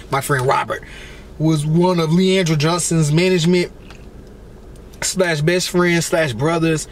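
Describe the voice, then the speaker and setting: A man with a notably high-pitched voice, talking loosely and excitedly through a meal and a rant. He calls out and exclaims between bites in a chatty vlog manner. Faint noise hums underneath. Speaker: celebrity blogger and vlogger. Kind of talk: casual rant while eating on camera.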